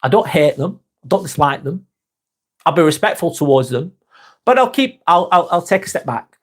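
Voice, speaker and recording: A man's voice: on the high side, sing-song, normal speed. Easygoing man in his forties. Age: 40s. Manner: laid-back, swears freely, calls viewers mate. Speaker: live-stream host. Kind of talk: casual live-stream chat reading viewer comments.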